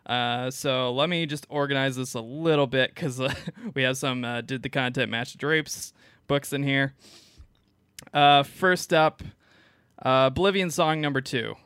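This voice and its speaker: Bright, crisp-voiced young man chatting. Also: medium pitch, steady tone, a little slow, no room sound, clean studio sound. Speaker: podcast host. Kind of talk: casual chat about comics.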